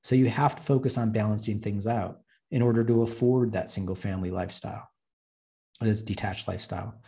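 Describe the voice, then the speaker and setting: A man's voice: lowish voice, dark tone. A man, an urban planner, giving a blunt, joking webinar talk over slides and acting out the dialogue he quotes. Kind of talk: presentation with slides.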